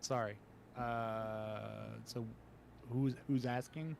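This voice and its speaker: Relaxed male game master. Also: medium pitch, slow, crowd noise. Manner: relaxed, hesitant, many fillers. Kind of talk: running a tabletop game on a stream.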